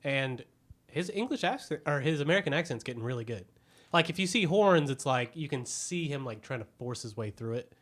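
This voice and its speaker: A young man co-hosting a podcast, talking about movies in a halting way with frequent restarts. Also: mid-range voice, lively intonation, a bit bright. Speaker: podcast co-host. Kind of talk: casual movie review chat.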